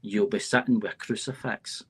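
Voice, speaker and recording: A man's voice: on the low side, fairly even intonation, moderate pace, breathy edge. A man hosting a casual interview, eager and repeating himself for emphasis as he urges viewers on. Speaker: host.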